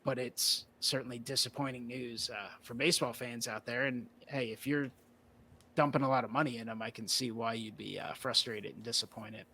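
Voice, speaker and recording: A male card-collector guest in a casual conversation, relaxed and rambling with plenty of "you know" fillers. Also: mid-range voice, moderate pace, slightly rough.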